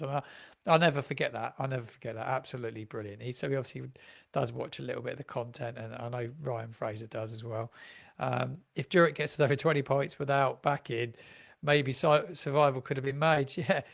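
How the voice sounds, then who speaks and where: A man's voice: mid-range voice, steady tone, a little fast, creaky. A man who is a football fan content creator, chatting on a live stream, rambling and repeating himself with many ums. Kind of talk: live-streamed transfer deadline chat.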